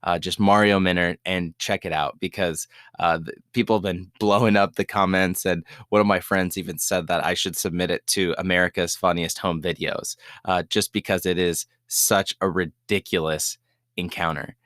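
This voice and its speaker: A young man with a very deep voice tells a story from his own life in a relaxed, chatty way. He acts out his own lines with sudden jumps in pitch. The sound is dry and close, with no room echo. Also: normal speed. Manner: animated storyteller, acts out quoted lines in a higher voice. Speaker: podcast host. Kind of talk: casual storytelling.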